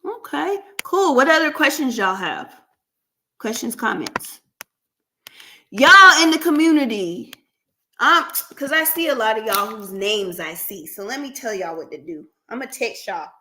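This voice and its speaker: Bright-voiced woman hosting a casual livestream. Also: a little high, lively intonation, a little slow. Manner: chatty, laughs often, talks to viewers by name. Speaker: counseling practice host. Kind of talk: casual livestream chat with viewers.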